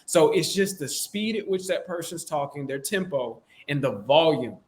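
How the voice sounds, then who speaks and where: A man talks through sales coaching in a loose, slangy, conversational way. His voice sits a little high for a man. He speaks into a close microphone. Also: lively intonation, normal speed. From Southern United States. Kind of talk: casual instructional talk.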